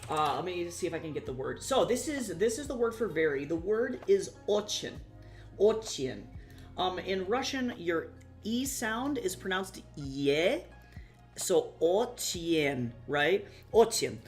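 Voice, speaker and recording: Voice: medium pitch, sing-song, unhurried, faint music behind. A young adult streamer in casual live-stream chat, rambling and swearing casually while talking to viewers.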